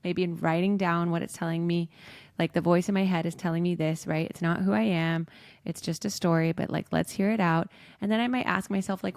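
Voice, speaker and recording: Chatty coach lady on a podcast, kinda gravelly voice, says like a lot, dry sound. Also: on the low side, steady tone, a little fast, a little mellow, dry recording. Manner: chatty, frequent "like" fillers. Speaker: guest, leadership coach. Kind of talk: casual podcast conversation.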